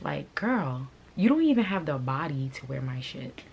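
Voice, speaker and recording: A woman's voice: low-pitched, very animated, moderate pace, creaky, a little mellow, slightly rough. A woman vlogger and clothing brand owner telling a storytime to camera in a blunt, profane, fired-up way. She comes from a Haitian family.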